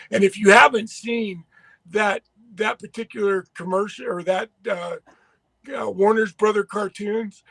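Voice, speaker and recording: A man with a high voice talks wrestling history in a rambling, enthusiastic way, restarting his sentences often. The sound is dry and close, with almost no room around it. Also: vocal fry, fairly bright tone, dry recording. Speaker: podcast co-host. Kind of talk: casual chat.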